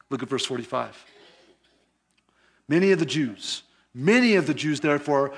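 Male pastor, high voice, lively conversational sermon delivery, easy chuckles. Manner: animated, conversational preaching with chuckles.

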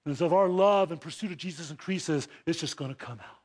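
A male pastor preaches briskly, dipping into hushed, low asides and building to emphatic exhortation, with rhetorical questions aimed at the congregation.

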